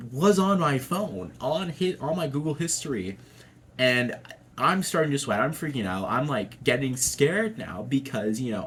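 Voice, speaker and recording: A young adult male vlogger with a medium-pitched, fairly bright voice tells a personal story to camera, with slight background noise. He is casual and chatty, swearing freely and laughing often.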